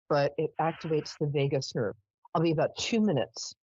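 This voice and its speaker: A woman's voice: sits low, moderate pace, a little mellow, breathy edge, dry recording. A woman hosting a psychic call-in show, who tells stories and gives readings in a chatty, affectionate, rambling way. The audio is dull and lo-fi. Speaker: psychic radio host. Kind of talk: casual storytelling and live call-in readings.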